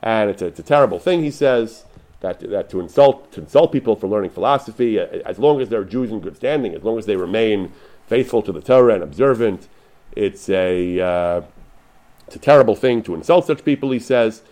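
A man's voice: fairly low pitch, lively intonation, a little fast, warm tone. A man giving an unscripted Torah lecture, paraphrasing Hebrew sources with frequent restarts and fillers.

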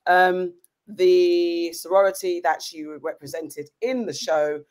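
A woman hosting a casual chat podcast, talking in an animated, rambling way with lots of restarts. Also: on the low side, takes it slowly.

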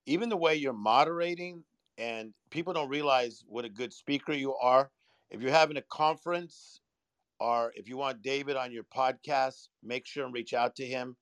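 An enthusiastic man heaps praise on the others in a casual chat. His voice sits at an ordinary middle pitch, and it sounds close and dry. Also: moderate pace, fairly bright tone, no room sound. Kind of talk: casual chat in an online audio room.

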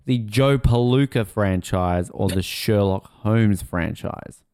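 A man's voice: lowish voice, takes it slowly, a little mellow, clean tone, no echo, clean studio sound. A man co-hosting a podcast, rambling and swearing casually as he chats and laughs. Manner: rambling, laughing, swearing, drops into silly voices. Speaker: podcast co-host. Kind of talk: casual chat.

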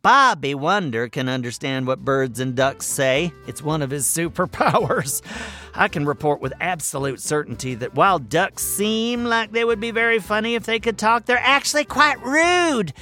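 A man voicing a boastful, excitable furry male cartoon hero who hosts a scripted children's radio show and talks in a bouncy, self-important way. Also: a little high, exaggerated voice.

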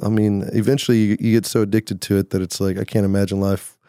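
A man, a musician guest on a podcast, talking in a casual, rambling way that trails off low. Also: flat delivery, quick pace, dark tone, dry recording, clean studio sound. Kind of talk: casual chat.

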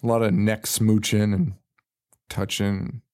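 A young man co-hosting a podcast, casually recapping a movie with lots of swearing, rambling asides and quick imitations of characters. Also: fairly low pitch, level tone, a little mellow. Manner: profane, rambling, retells scenes with quick put-on quotes. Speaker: podcast co-host.

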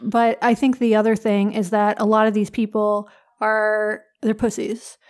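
A woman's voice: mid-range voice, level tone, a little slow, a little mellow. A woman co-hosting a podcast in casual chat, wry and blunt, talking very close to her mic in a room other than her usual one. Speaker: podcast co-host.

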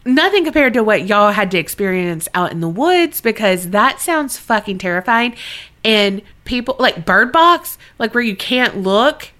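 Southern lady podcaster, swears a lot, bright voice that jumps all over. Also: a little high, moderate pace. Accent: Southern American. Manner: animated, swearing, laughing often. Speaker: podcast co-host. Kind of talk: casual chat and reading listener stories.

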